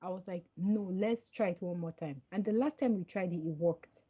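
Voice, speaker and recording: A woman's voice: on the low side, moderate pace, husky, muffled recording. A woman guest on a podcast call, chatting casually and acting out the lines of people in her stories. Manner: animated storytelling, acts out quoted dialogue. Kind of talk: casual interview chat.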